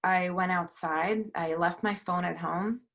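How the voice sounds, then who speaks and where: A middle-aged woman speaks on a video call from her home, her voice set slightly low. She tells her story earnestly and haltingly, full of fillers and restarts. She is emotional, close to tears. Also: fairly even intonation, a bit bright. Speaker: panelist, film producer. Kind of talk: personal testimony on a panel.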